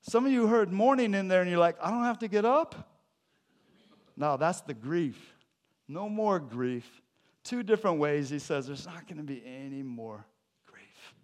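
A man preaching a sermon to a congregation, conversational and joking, swinging from loud emphatic lines to quiet, hushed ones. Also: a little high, expressive, normal speed. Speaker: pastor. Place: church sanctuary.

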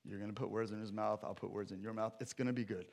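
A man voicing God in a sermon retelling, speaking in a calm, reassuring and firm way. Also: lowish voice, quick pace, gravelly. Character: God, patient and commanding.

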